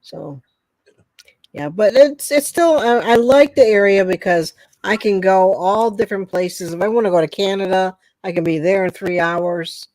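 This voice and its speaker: A woman's voice: medium pitch, darkish tone, no room sound. A woman in her sixties from Pennsylvania, chatting emphatically as host of a casual live talk. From Pennsylvania, USA. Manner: chatty, emphatic, quick to laugh along. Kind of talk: casual chat.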